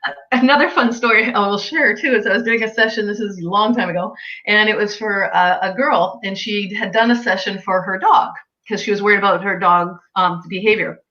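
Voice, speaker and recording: A woman's voice: medium pitch, a little fast, bright, forceful tone. A woman chatting casually as an animal communicator, telling stories and acting out what clients said. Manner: chatty, retells conversations with quoted voices. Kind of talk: casual storytelling chat. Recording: dull lo-fi sound.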